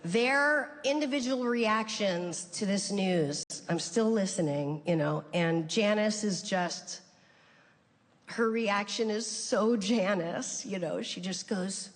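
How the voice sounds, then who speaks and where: A woman's voice: medium pitch, slow pace. A middle-aged woman doing stand-up, telling a family story in a loose, conversational way and acting out relatives' voices. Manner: conversational, lots of "like" and restarts, acts out family members' voices. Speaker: stand-up comedian. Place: comedy stage in a large venue. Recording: reverberant hall with faint ambience.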